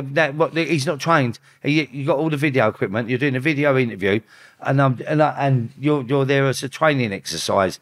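A man, a podcast guest telling a long story in casual chat. He swears freely and acts out what others said. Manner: swearing, quotes others in rapid back-and-forth; animated, rising in pitch when quoting.

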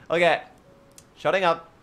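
A young male streamer who jokes around and laughs often while chatting with his viewers. His delivery is unhurried, his intonation swings widely, and his tone is bright and forceful. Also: high-pitched. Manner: joking, laughs often, talks to chat. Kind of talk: casual livestream chat.

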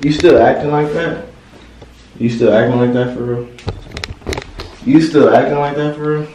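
In a casual vlog, a young man playfully teases and pleads with his girlfriend, repeating himself over and over. His mid-range voice is steady, darkish and moderately paced. He's off-mic in an echoey room, with a distant mic picking up a little hiss or hum.

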